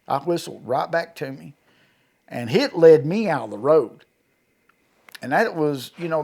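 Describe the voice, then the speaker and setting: A man, a guest telling his personal encounter story in a vivid, halting way with many restarts and acted-out quotes. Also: a little high, a little mellow. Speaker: eyewitness guest.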